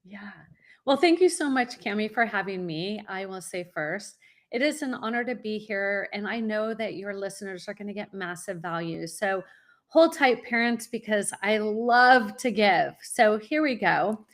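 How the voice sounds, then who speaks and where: A middle-aged woman, a college consultant, telling her story in an energetic way and speaking straight to parents as a podcast guest. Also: medium pitch, unhurried. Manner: energetic, addresses parents directly.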